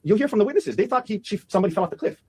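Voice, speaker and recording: A man, a defense attorney, delivering an animated opening statement to a jury and acting out quotes as he goes. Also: high voice, husky, poor audio. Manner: fast, animated, acts out quotes.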